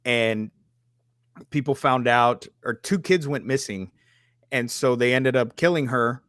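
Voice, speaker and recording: In clean studio quality with no echo, a podcast host in his thirties talks in an unhurried mid-range voice. The conversation is casual and full of animated storytelling, with plenty of swearing and filler words, "like" above all.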